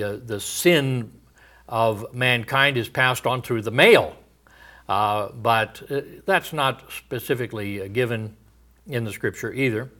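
Halting, thoughtful male preacher. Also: mid-range voice, bright, forceful tone. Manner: thoughtful, halting with frequent restarts and fillers. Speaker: pastor. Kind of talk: expository sermon.

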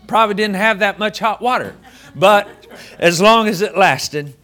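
A middle-aged male pastor preaching a sermon, telling a folksy story with many halting fillers. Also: high-pitched, pushed and bright.

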